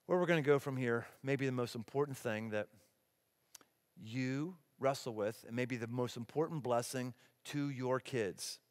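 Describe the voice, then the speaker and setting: A middle-aged man preaching a sermon as pastor, animated and emphatic, acting out the people he quotes. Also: medium pitch. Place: large church auditorium. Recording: long hall reverb.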